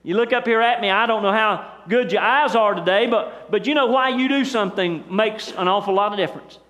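A middle-aged pastor with a drawl delivers his sermon in a strikingly high voice for a man. He talks folksy and chatty, leaning into stories and tossing rhetorical asides at the congregation. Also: brisk, a bit bright.

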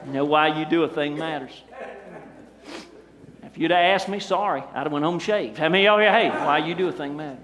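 A man's voice: fairly high pitch, sing-song, moderate pace, long pauses, crowd noise. A middle-aged man preaching a sermon as pastor, in a folksy storytelling way with rhetorical asides to the congregation.

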